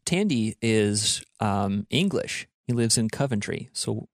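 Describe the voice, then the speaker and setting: A man's voice: lowish voice, animated, slow, no room sound, studio quality. A young man co-hosting a casual podcast, telling stories with playful drama. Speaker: podcast co-host. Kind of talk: casual chat and storytelling.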